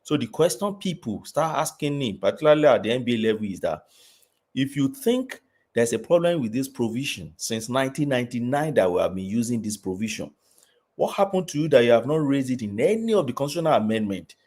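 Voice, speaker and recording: A man with a Nigerian accent on a live call-in debate, building his argument point by point in a measured way. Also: mid-range voice, big pitch swings, darkish tone.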